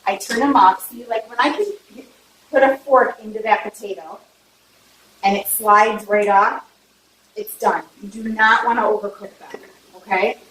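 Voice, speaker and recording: A woman walks viewers through a home recipe in a loose, chatty way, often checking in with a quick "okay?". She is openly emotional. Her voice sits a little away from the mic in an echoey kitchen with faint background noise. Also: mid-range voice, steady tone, fairly bright tone, far from the mic. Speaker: home cook. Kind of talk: casual cooking demonstration.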